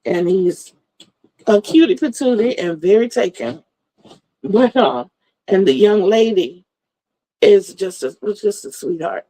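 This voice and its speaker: A middle-aged woman hosting a livestream greets her viewers and chats casually, drifting from story to story. Her mid-range voice is warm and animated, with an unhurried pace and long pauses. The recording is rough.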